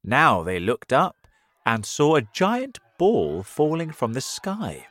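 A man reading a children's story aloud as a graded-reader narrator, clear and deliberate. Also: mid-range voice, wildly swooping pitch, a bit bright. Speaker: audiobook narrator.

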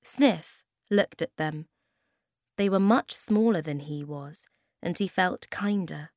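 A woman reading a children's storybook aloud in a slow, clear, expressive way. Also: on the low side, no echo, studio quality.

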